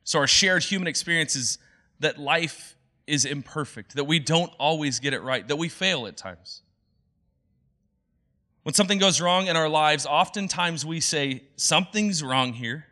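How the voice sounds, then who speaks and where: A man's voice: fairly high pitch, moderate pace, sharp tone. A young adult man preaching a sermon as a pastor, in an earnest, conversational way. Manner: earnest, conversational, acts out quoted voices.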